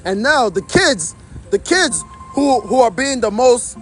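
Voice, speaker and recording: A man's voice: very high-pitched, big pitch swings, unhurried, faint music behind. A man livestreaming outdoors from his phone, indignantly commenting to his chat in a repetitive way.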